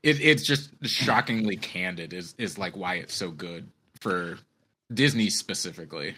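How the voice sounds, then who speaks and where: A man co-hosting a podcast, chatting in an easygoing, halting way. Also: low-pitched, animated, bright, forceful tone, breathy edge. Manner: easygoing, halting, many fillers. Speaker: podcast co-host. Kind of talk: casual chat.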